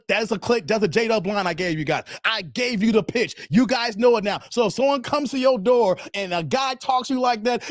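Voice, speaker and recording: A man hosting a casual livestream, animated and laughing often as he talks straight to his viewers. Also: very high-pitched, no echo, studio quality. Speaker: channel host.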